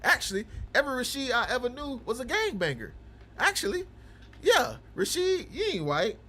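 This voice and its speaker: Bright-voiced man ranting to stream chat. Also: very animated, quick pace. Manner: teasing, swings from low mumbling to loud ranting. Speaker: livestream host of a game broadcast. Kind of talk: casual livestream chat with viewers.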